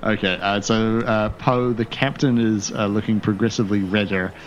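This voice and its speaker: Low-voiced man running a tabletop game. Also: steady tone, moderate pace, muffled recording, slight background noise. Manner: rambling, many fillers and restarts. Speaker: game master.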